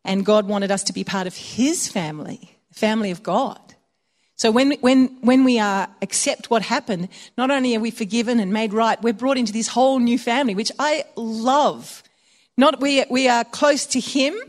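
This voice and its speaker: A woman's voice: fairly high pitch, moderate pace. A woman preaching a conversational sermon, telling personal stories and laughing often.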